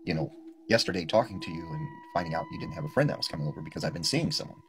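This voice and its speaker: A man voicing a nervous young female roommate, speaking haltingly. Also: lowish voice, wildly swooping pitch, background noise. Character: young woman med student roommate, nervous.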